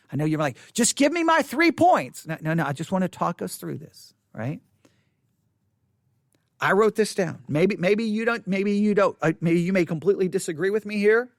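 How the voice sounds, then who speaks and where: A man's voice: high voice, no echo, clean studio sound. A man leading a conversational Bible study, talking emphatically and often repeating or restarting his phrases.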